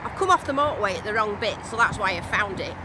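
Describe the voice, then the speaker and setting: An English metal detecting vlogger chats excitedly to a handheld camera outdoors at a field rally, sometimes while driving in a car. Her mid-range voice is quick and lively, and she's bubbly, giggly and gushing. The background is noisy.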